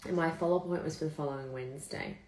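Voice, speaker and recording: Low-voiced chatty woman in an echoey room. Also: racing, a little mellow. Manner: chatty, swears freely, addresses viewers as guys. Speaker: vlogger. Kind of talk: candid live chat storytelling.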